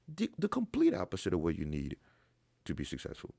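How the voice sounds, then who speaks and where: Gravelly deep-voiced man, blunt and profane. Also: wildly swooping pitch, fairly quick, no room sound. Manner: emphatic, profane, swings between low mutters and sudden loud bursts. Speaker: dating coach answering viewer questions. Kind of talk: casual Q&A monologue.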